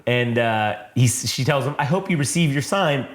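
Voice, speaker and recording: A man's voice: medium pitch, expressive, moderate pace, roomy sound. A man on a casual comic podcast, rambling and swearing as he recaps a comic and acts out its characters' lines. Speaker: comic book podcast host.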